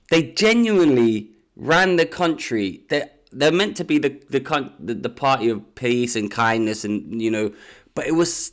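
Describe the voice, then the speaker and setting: Male podcast co-host, casual rambling chat, lively and somewhat high-pitched. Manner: animated, rambling, many restarts.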